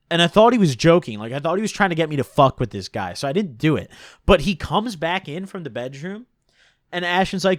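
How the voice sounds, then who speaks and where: A young man casually telling a long story, rambling and animated, full of "like" and "dude". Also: a little high, moderate pace, no room sound, clean studio sound.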